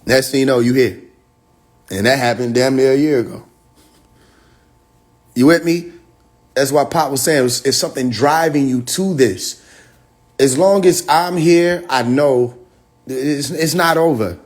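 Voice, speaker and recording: A man's voice: medium pitch, unhurried, long pauses. A man talking casually to his followers on a livestream, telling stories with slang, acting out quotes, laughing often and speaking straight to his listeners. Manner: slangy storytelling with acted quotes.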